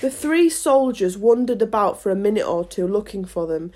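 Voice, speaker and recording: A woman reading a classic children's storybook aloud in a lively, expressive way. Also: mid-range voice, moderate pace. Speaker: audiobook reader.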